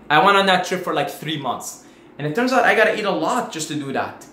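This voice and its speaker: A man with a somewhat high voice hosts a spiritual talk from his home, speaking casually to his viewers. He tells stories in an animated way, acting out his own panic. The room is echoey, with a faint hiss underneath. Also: brisk. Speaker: spiritual video host. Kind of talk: casual spoken monologue.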